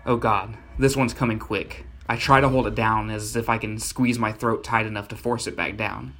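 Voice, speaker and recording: Gritty deadpan man narrating horror. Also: fairly low pitch, normal speed. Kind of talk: first-person horror story narration.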